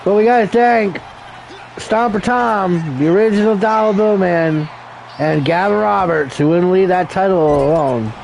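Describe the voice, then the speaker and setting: A man's voice: high voice, a little slow, creaky, darkish tone, a little hiss or hum, poor audio. A man calling an amateur wrestling show as commentator, crude and joking, rambling and calling people brother. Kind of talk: profane play-by-play commentary.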